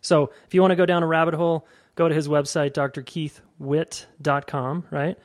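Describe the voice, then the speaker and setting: A man's voice: fairly high pitch, level tone, moderate pace. A man hosting a relationship podcast, talking casually and enthusiastically, affirming his guest. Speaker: podcast host. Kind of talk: interview and wrap-up narration.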